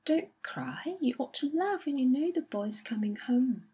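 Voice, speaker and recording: Woman reading as a kindly old colonel, breathy. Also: mid-range voice, normal speed, mellow, lo-fi sound. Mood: comforting. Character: elderly kindly retired army colonel, fussy husband.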